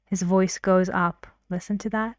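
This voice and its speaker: A woman teaching intonation at a slow, deliberate pace, echoing short phrases back so learners can copy them. Her voice is dry and close, with no room sound around it. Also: medium pitch, steady tone. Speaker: English teacher. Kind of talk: intonation lesson, explaining clips.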